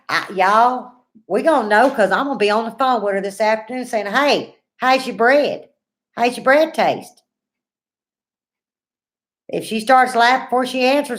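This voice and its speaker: A woman's voice: on the high side, fairly bright tone. A woman, in her forties, hosting a casual livestream, chatting folksy and greeting viewers by name while reading comments. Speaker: livestream host.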